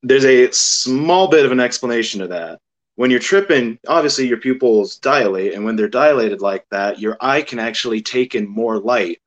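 A man calmly explaining a small fact in a steady, matter-of-fact way. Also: medium pitch, normal speed, highs cut off. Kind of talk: calm explanation.

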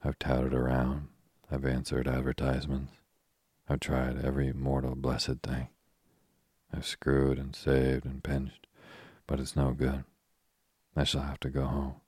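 A man's voice: extremely low pitch, husky, no room sound, clean studio sound, exaggerated voice. A man reading as a frank young woman. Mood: wistful. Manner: soft, even, unhurried reading.

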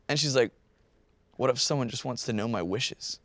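A man in his thirties telling a story in casual chat, animated and swearing, often breaking into laughter. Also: mid-range voice, normal speed, pauses often, slight background noise.

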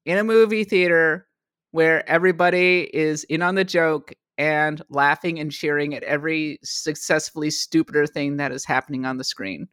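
A woman hosting a podcast, chatting casually and telling stories with animated energy. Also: low-pitched, moderate pace, clear, resonant tone, no echo, clean studio sound. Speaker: podcast host. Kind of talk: casual chat.

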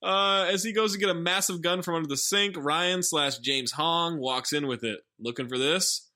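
A man's voice: on the high side, moderate pace, pushed and bright. A man hosting a podcast, recapping a movie plot with sardonic, wry asides. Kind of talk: casual movie recap with jokes.

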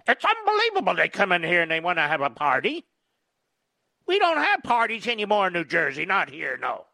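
A man's voice: high voice, huge pitch swings, brisk, gravelly, sharp tone, dry recording. Combative, sarcastic radio host man. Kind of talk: talk radio commentary.

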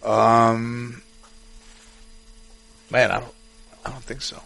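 A man with a gravelly, fry-laden voice spins long, rambling anecdotes, circling back and restarting his sentences. He talks in a relaxed, casual way as a guest on a chat show. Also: medium pitch, drawn-out words.

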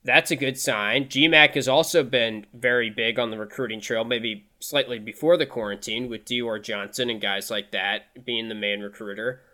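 A man's voice: mid-range voice, steady tone, normal speed, few pauses, sharp tone. A man hosting a casual sports podcast, talking in an upbeat, conversational way and thinking aloud with restarts. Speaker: podcast host.

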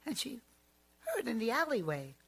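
A woman who works as a psychic, telling family stories in a chatty, animated and emphatic way. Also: on the high side, normal speed, gravelly, husky. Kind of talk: storytelling monologue.

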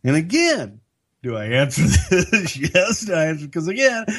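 An older man telling a story in a casual podcast chat, as a lively storyteller who jumps into other people's voices. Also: a little high, a little slow, breathy edge.

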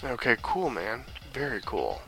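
A man hosting an interview, asking relaxed questions with short reactions. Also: medium pitch, measured pace, soft background music. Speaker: host.

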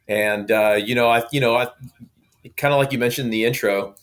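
A man from Oklahoma, a guest telling a story in a lively, casual way. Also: mid-range voice, brisk. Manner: lively, acts out quoted dialogue.

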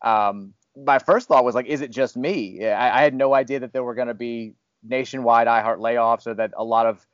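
A man's voice: mid-range voice, fairly even intonation, fairly quick, clear, resonant tone, dry recording, highs cut off. A man hosting a casual podcast, talking candidly and rambling a little, with self-deprecating humor. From Louisville, Kentucky area. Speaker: podcast host, fired radio host.

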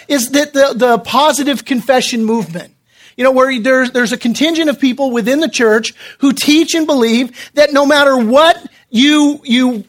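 A man's voice: extremely high pitch, fairly bright tone. A male pastor giving a sermon to a congregation in a church room, talking casually, often restarting his phrases and briefly acting out the people he quotes. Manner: conversational preaching with frequent restarts, acting out quoted voices.

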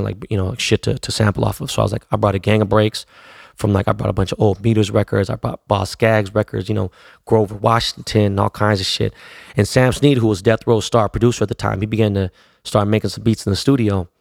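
A man tells stories from his DJ days in loose, profane street slang. His voice sits low with a gravelly rasp, and the recording is dry and close. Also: little pitch movement, fast talker, no room sound. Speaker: DJ telling stories. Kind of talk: casual storytelling.

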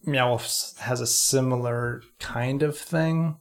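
A man's voice: mid-range voice, fairly even intonation, slow pace. A man co-hosting a podcast in casual chat, rambling and joking with plenty of fillers. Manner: rambling, jokey, many fillers. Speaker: podcast co-host. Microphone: studio mic.

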